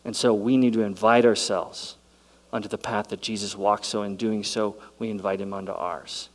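A man preaching a sermon, shifting between quiet reflective passages and loud, excited storytelling. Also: fairly low pitch, normal speed, poor audio. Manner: dynamic preaching, swings from soft to loud and excited. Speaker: pastor.

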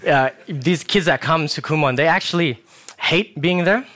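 A young man preaching a casual sermon, telling self-mocking stories with animated asides. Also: on the high side, moderate pace.

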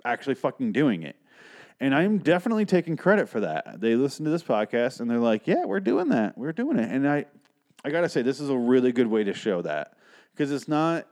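A man's voice: lowish voice, darkish tone. A man hosting a podcast, recapping a TV episode in a rambling, profane, argumentative way. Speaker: podcast host.

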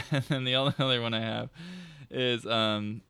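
A man's voice: fairly even intonation, moderate pace, sharp tone. A man co-hosting a podcast, chatting casually and laid-back with many fillers. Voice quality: low gravelly voice, filler-heavy. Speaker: podcast co-host. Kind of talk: casual chat.

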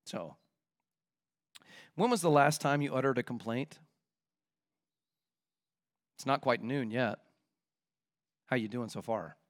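A man's voice: medium pitch, lively intonation, slow pace, long pauses. A man preaching an expository sermon as a pastor, emphatic and full of rhetorical questions.

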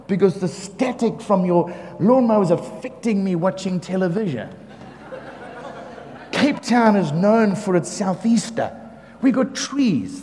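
Male pastor, high voice, animated storyteller; preached in a reverberant hall with faint ambient noise. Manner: animated storyteller, acts out quotes, laughs often. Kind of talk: sermon storytelling.

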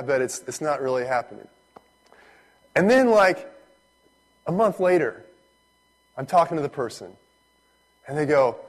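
A man's voice: on the high side, normal speed, long pauses. Man preaching a conversational sermon. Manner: conversational, animated when retelling stories. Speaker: pastor.

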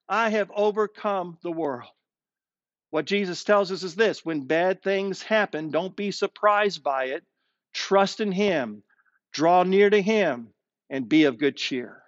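A man's voice: dry recording, muffled recording. Male pastor preaching a dramatic sermon. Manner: expressive preaching, slows down and drops low for emphasis. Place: streamed sermon with online chat.

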